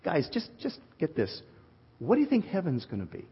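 A male pastor preaching an animated sermon, joking with his congregation. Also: a little high, moderate pace, gravelly, slightly rough. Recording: dull recording in a reverberant hall.

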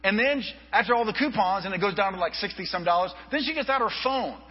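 Male pastor, lively storyteller, slightly husky, muffled sound with a hum under it. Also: high voice, fast. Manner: animated storyteller, acts out quoted voices. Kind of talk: storytelling sermon. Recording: reverberant hall, dull lo-fi with mains hum.

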